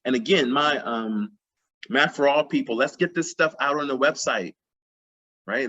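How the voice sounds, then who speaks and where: A man's voice: medium pitch, expressive, normal speed, sharp tone, lo-fi sound. A man giving a plenary talk at a math conference, passionate and emphatic, repeating phrases for emphasis. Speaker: plenary speaker.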